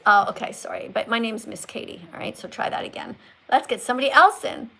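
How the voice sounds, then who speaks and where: A woman's voice: a little high, quick pace, creaky, pushed and bright. A woman in her sixties hosting a livestream, chatting casually, teasing callers and reading viewer comments aloud. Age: 60s. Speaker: livestream host.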